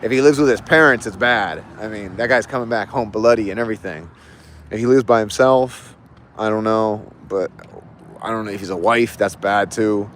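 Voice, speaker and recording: A man hosting a casual livestream, telling a reflective story in a halting, rambling way with many restarts. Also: fairly low pitch, a bit bright, slight background noise. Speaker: livestream host.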